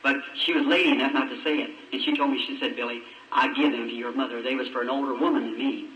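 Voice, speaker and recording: A man with a twang preaching in a church, his bright voice full of feeling as he tells a story and acts out the people in it. The old tape places him far from the microphone, with a roomy echo and a faint hiss under everything. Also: mid-range voice, fairly even intonation, fast, dull audio. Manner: folksy, emotional storytelling with quoted voices. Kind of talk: old recorded sermon, storytelling. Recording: distant, echoey, noisy old tape.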